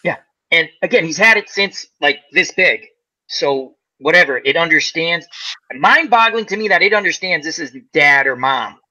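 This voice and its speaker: A man hosting a casual fireside chat, telling a long story in an animated way, acting out the voices of the people in it and laughing often. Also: fairly high pitch, normal speed. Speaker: host. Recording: lo-fi muffled audio.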